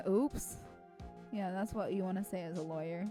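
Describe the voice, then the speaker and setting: A woman's voice: mid-range voice, a little slow. A young woman streaming a game, joking and reading every part aloud. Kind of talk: game playthrough commentary. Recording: game music behind voice.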